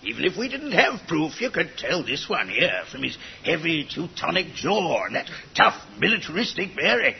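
An actor playing a blustering, suspicious army major in a comedy sketch, barking orders in a bombastic way. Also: male voice, fairly high pitch, sing-song, moderate pace, gravelly, hardly any pauses, a little hiss or hum. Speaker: army major commanding an isolated gun site. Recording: dull lo-fi old recording.

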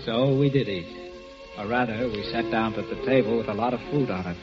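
A man's voice: lowish voice, brisk, close to an everyday voice. An actor playing an earnest man who narrates his story in reflective first person, in a 1940s radio play, from a dull old recording with music behind him.

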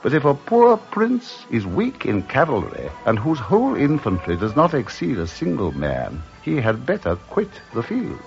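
An actor playing a witty, carefree English gentleman traveler who also narrates, in a theatrical 1950s radio drama. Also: mid-range voice, wildly swooping pitch, normal speed, vocal fry, hardly any pauses, faint music behind. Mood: jaunty. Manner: theatrical, jaunty, elegant. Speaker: lead and narrator. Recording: muffled old radio broadcast.

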